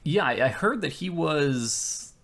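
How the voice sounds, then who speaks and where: A man's voice: on the high side, lively intonation, slow, creaky, fairly bright tone. A man co-hosting a casual TV recap, patiently explaining plot points. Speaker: co-host.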